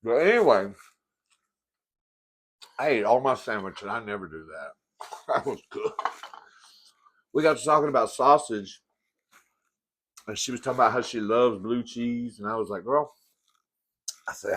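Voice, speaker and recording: A man's voice: medium pitch, animated, measured pace, long pauses, fairly bright tone. A man hosting an eating show, chatting campily and calling viewers "girl" between bites. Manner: chatty and campy, calls viewers "girl", eats between sentences. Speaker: mukbang host. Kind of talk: casual eating-show chat to camera.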